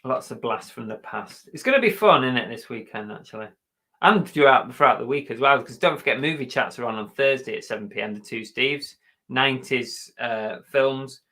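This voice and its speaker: An English man hosts a relaxed live chat, reading out viewer comments with a jokey, chatty manner. His voice is bright and forceful. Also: medium pitch, normal speed. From England. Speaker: livestream host.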